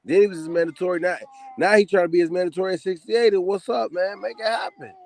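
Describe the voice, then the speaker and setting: Man with a loose, halting delivery. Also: high-pitched, steady tone, creaky, darkish tone. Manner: loose, halting, repeats words. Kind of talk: casual boxing talk.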